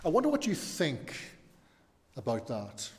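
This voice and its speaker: A male pastor delivers a sermon at an unhurried, deliberate pace. He is earnest, lifting into emphatic rhetorical questions and then falling quiet and soft. His voice carries the long reverb of a church hall. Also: mid-range voice, wildly swooping pitch.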